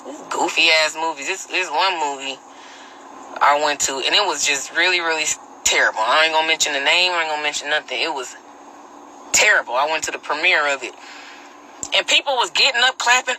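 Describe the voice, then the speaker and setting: A woman's voice: sits low, animated, fairly quick, pushed and bright, a little hiss or hum, low-quality recording. A woman hosting her own phone livestream, ranting bluntly in slangy casual talk and answering viewer comments. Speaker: livestream host.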